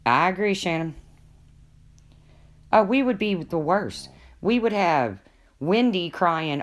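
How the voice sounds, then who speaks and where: A woman's voice: on the low side, very animated, slow pace, pauses often. A woman hosting a casual live stream from home, gossiping with viewers and talking to her pets in between.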